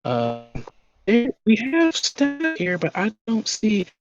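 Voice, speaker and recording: A man's voice: high voice, huge pitch swings, slow pace, pitched above the performer's own voice, exaggerated voice. A man voicing a polite female guild guide who explains things like a tour guide. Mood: welcoming. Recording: dull lo-fi audio.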